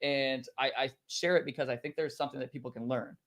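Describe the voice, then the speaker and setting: A man as a guest on a livestream, telling his own story in a reflective, measured way and saying "like" often. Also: mid-range voice, fairly even intonation, fairly bright tone. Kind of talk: casual interview chat.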